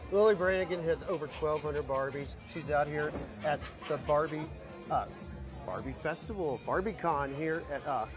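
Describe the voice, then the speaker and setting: Casting: quick, slightly higher-voiced male TV reporter, stumbling and filler-heavy, music behind. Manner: fast, halting, with many fillers. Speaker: TV field reporter. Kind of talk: live on-location interview. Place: collectibles show.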